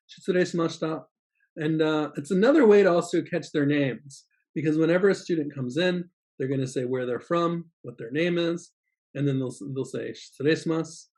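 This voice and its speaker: Man, casual teaching vlog, rambling with fillers, laughs now and then, mid-pitched. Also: darkish tone. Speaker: assistant language teacher trainer. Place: Japan.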